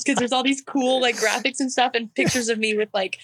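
A woman in her twenties, a softball pitcher, telling stories in a casual interview, animated and acting out what others said. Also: brisk, few pauses, a little hiss or hum. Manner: animated, acts out quotes, laughs often.

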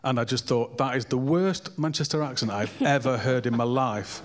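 A man's voice: medium pitch, normal speed. A man co-hosting a casual film discussion, opinionated and enthusiastic.

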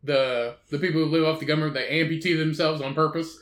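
A man's voice: on the high side, fairly even intonation, fast, fairly bright tone, reverberant. A man, co-hosting a casual podcast, telling a story through laughter and acting out the people in it. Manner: laughing, acts out quoted people. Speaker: podcast co-host.

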